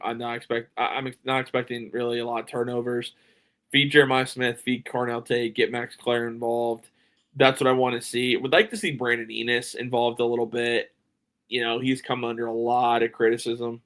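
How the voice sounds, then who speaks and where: A man's voice: medium pitch, a bit bright. A man hosting a solo sports podcast, talking casually and with strong opinions, filling gaps with ums and restarts, a little sleepy. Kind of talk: solo sports preview talk.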